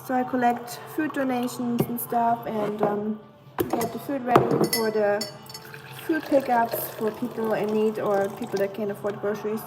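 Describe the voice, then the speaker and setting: A woman with a German accent hosting a casual livestream at home, chatting with viewers, answering the chat and filling pauses with "um.". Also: a little high, fairly even intonation, heavy background noise. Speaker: livestream host.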